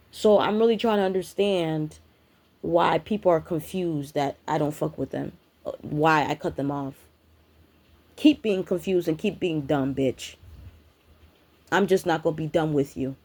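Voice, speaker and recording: A woman's voice: low-pitched, darkish tone. A woman giving a blunt, profane, confrontational rant in a spiritual vlog. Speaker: spiritual content creator. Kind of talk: ranting vlog monologue.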